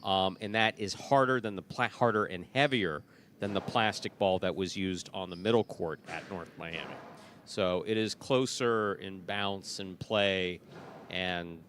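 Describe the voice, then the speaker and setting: A man's voice: low voice, unhurried, fairly bright tone, a little hiss or hum. A middle-aged man announcing jai alai, chatty and explanatory, often correcting himself mid-sentence. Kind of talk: broadcast commentary and chat.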